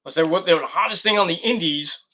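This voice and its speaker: A man's voice: sits high, fast talker, sharp tone. A man giving a rambling, profane and exasperated review of a wrestling show. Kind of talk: casual rant review.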